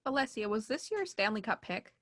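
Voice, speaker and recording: A young woman co-hosting a casual hockey talk show, wry and quick with teasing questions. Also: on the high side, big pitch swings, a bit bright, no room sound, clean studio sound. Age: young adult. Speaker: co-host.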